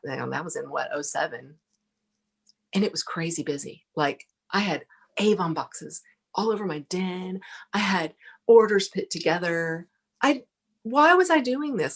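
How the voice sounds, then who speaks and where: A middle-aged woman, a podcast guest, telling a lively story, laughing often and acting out what people said. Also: fairly low pitch, slightly rough. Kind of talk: casual storytelling interview.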